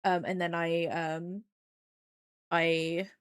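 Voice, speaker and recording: A woman's voice: on the low side, level tone, extremely slow, clear, resonant tone, dry recording, studio quality. A woman streamer chatting casually with her viewers while she paints, rambling along with lots of fillers. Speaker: streamer and digital artist.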